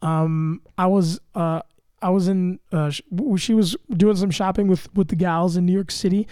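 A man's voice: high-pitched, steady tone, normal speed, mellow, no room sound, studio quality. A man hosting a casual comedy podcast, bragging in a mock-grandiose, self-mocking way. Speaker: podcast host.

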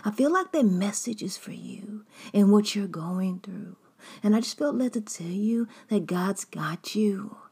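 A woman voicing a gushing, fake-sympathetic female friend who talks high, breathy and overly sweet. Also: expressive, measured pace, a little mellow, full character voice. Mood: sugary.

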